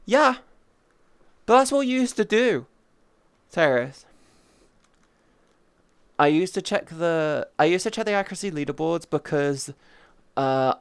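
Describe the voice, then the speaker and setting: A VTuber chats casually with their audience, rambling and cursing a lot. While telling stories, the voice suddenly leaps to a high, excited pitch; the recording is dry and the voice smooth.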